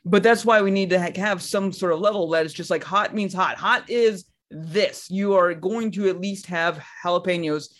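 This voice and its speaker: A man co-hosting a podcast, riffing jokes in an excitable, casual comedic banter. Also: high voice, normal speed, few pauses. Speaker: podcast co-host.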